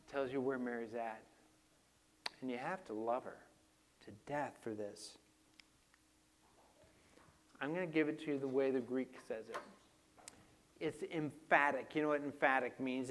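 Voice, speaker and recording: A man preaching a sermon with slides, moving from quiet reflection to loud, emphatic passages. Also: mid-range voice, measured pace, long pauses. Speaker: pastor.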